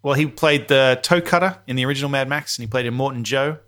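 A man's voice: medium pitch, fast, a bit bright. A man co-hosting a podcast in casual, joking chat, hesitating often with fillers. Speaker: podcast co-host.

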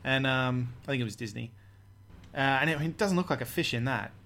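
A man's voice: medium pitch, brisk, vocal fry, pushed and bright. A man co-hosting a casual podcast, joking, laughing often and trailing off in hesitations. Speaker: podcast co-host. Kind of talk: casual chat.

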